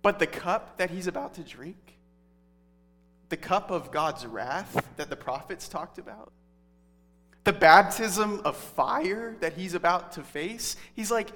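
Bright-voiced man preaching in an echoing hall. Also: sits high, takes it slowly. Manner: conversational, earnest Bible teaching. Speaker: pastor. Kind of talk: sermon. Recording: long hall reverb.

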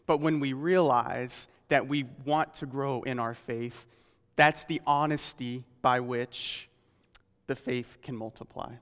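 A man preaching a sermon, reading scripture and explaining it in a measured, earnest way that slows on key phrases. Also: medium pitch, fairly even intonation, a bit bright, long reverb tail.

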